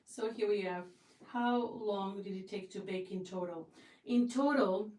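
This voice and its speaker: A livestream host broadcasts casually from her home kitchen, chatty and effusive, often restarting her sentences. Her mid-range voice is a little mellow and a little slow, and the sound is roomy, picked up from a distance.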